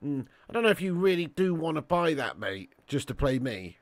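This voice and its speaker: A man's voice: fairly high pitch, sing-song, moderate pace, dry recording. A young man hosting a casual live watch-along, reading chat and bantering with viewers as lad and mate.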